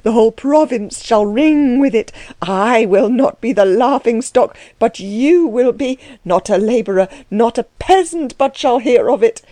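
A woman voicing an excitable, bitter young man close to tears, reading an audiobook with shrill, agitated outbursts. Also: measured pace, dry recording, natural voice.

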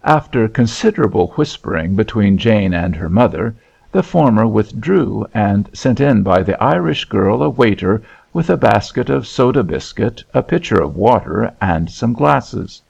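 A man narrating a novel in a measured, expressive storytelling manner. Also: fairly low pitch, vocal fry, husky. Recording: dull lo-fi recording.

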